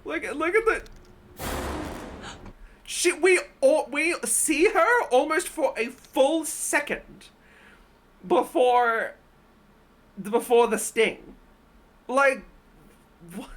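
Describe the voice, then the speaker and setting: A woman streamer giving casual reaction commentary in an animated way, laughing often and ranting in exasperation. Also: high-pitched, very slow, long pauses.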